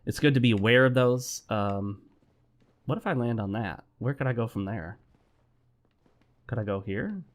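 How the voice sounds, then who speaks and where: A man's voice: medium pitch, normal speed, pauses often. Chatty man commentating a game. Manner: chatty, easily frustrated rants. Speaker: gaming commentator. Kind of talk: let's play commentary.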